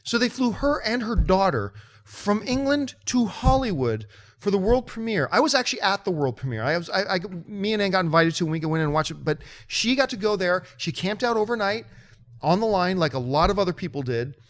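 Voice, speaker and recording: Animated high-voiced male host. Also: fairly quick. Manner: animated storytelling, mimics others in high excited voice. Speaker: show host. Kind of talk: casual chat.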